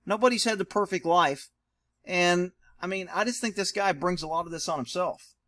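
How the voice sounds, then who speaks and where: A man's voice: high voice, normal speed, pushed and bright, dry recording, clean studio sound. A man giving opinionated, sarcastic commentary on a video clip. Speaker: commentator host.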